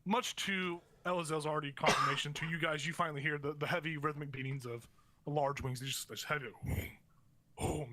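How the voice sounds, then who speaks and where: A man's voice: a little high, pushed and bright. A young man running a tabletop game as game master, narrating in a rambling way with many fillers and restarts.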